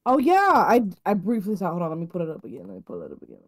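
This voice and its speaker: Excitable swearing young woman gamer. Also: lowish voice, very fast, no room sound. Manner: swearing, excitable, playful trash talk. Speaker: gamer streaming with friends. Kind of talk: casual group voice chat while gaming. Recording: faint game music behind voice chat.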